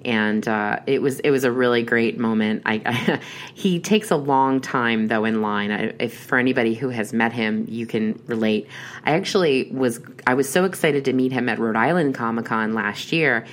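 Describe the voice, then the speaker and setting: A woman's voice: very deep voice, normal speed. A young adult woman telling a long, rambling personal story in casual chat, with many restarts and fillers. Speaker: horror podcast host.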